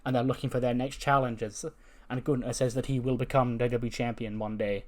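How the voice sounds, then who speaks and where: A man's voice: mid-range voice, flat delivery, a little fast, a little mellow. A man giving wry, chatty commentary while playing a wrestling management game. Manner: chatty, wry, laughs often. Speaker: let's-play commentator.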